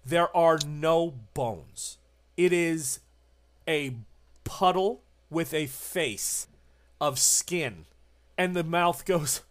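A game master slowly narrating a horror tabletop game with deliberate, ominous description. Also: medium pitch.

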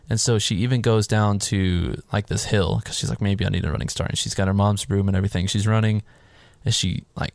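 Low-voiced man recapping a movie casually. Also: no echo. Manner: animated storytelling, swears freely, acts out his own reactions. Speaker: podcast co-host recapping a film. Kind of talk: casual chat.

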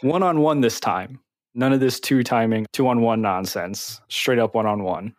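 A man's voice: mid-range voice, a little slow, no echo, clean studio sound. A man co-hosting a casual interview, gushing with enthusiastic praise. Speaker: podcast co-host.

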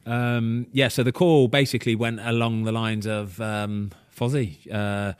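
A man hosting a casual podcast, telling an animated story full of fillers, asides and the odd swear word. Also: on the low side, measured pace, few pauses, smooth, dry recording, clean studio sound. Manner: animated, excitable, swears, frequent "right?" and "um". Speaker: podcast host, former goalkeeper.

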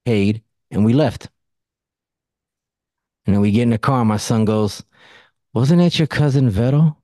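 A man's voice: fairly low pitch, darkish tone, dry recording, studio quality. A man hosting a casual podcast conversation, telling blunt stories and swearing freely. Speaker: podcast host.

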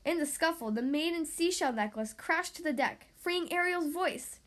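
Woman storybook narrator, high-pitched, steady read-aloud with occasional slips. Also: normal speed. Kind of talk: storybook reading.

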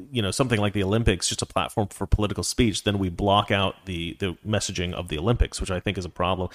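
A livestream host broadcasts from home, reading out viewer messages and offering opinionated commentary that rambles and often restarts. His voice is on the low side and a bit bright.

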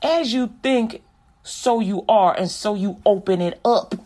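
A woman preacher delivering a sermon, mixing scripture recitation with animated, conversational talk. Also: mid-range voice, a little slow.

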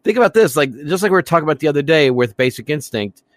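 A man's voice: on the high side, expressive, rapid-fire, no room sound. A man co-hosting a movie podcast, chatting casually and enthusiastically about films, rambling with restarts. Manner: enthusiastic, rambling, laughs often. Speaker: podcast co-host.

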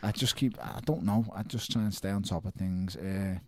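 A man's voice: deep voice, normal speed, no room sound, studio quality. A man, talking emphatically in a casual interview, repeating himself and calling people mate. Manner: emphatic, repeats words, calls listener mate. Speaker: professional boxer, guest.

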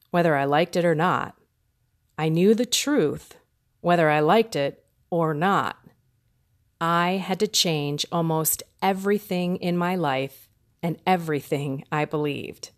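A middle-aged woman hosting a podcast, telling her personal faith testimony in an earnest, conversational way with emphatic repetition. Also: fairly low pitch. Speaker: podcast host.

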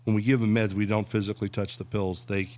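A man's voice: lowish voice, little pitch movement, quick pace, a little mellow. A man who works in radio and voiceovers, a guest chatting casually and telling jokes with acted voices. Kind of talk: casual chat and joke-telling.

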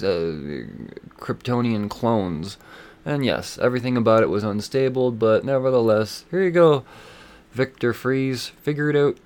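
A man hosting a podcast, casually reviewing comic books in a rambling, excitable way, with lots of fillers and swearing. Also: lowish voice, smooth. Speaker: podcast host.

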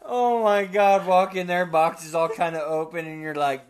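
A man in casual comedic chat, crude and profane, laughing often and breaking into loud bits. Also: high-pitched, little pitch movement, normal speed, smooth.

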